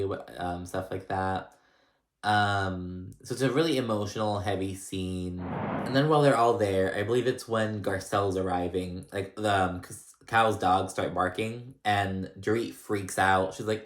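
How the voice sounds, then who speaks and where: A man's voice: low voice, fairly even intonation, unhurried, reverberant. A man casually recapping a reality TV episode, rambling with lots of fillers and restarts. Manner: rambling, filler-heavy storytelling.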